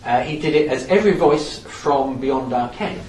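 A man giving a lively, anecdotal talk in a lecture-style storytelling manner. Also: medium pitch, moderate pace. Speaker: speaker on theatre history. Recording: echoey room from some distance, faint background noise.

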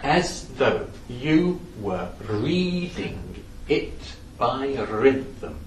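A man's voice: medium pitch, big pitch swings, extremely slow. Man telling theatre stories in echoey room. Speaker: speaker on theatre history. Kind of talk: lecture-style storytelling. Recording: echoey room from some distance, faint background noise.

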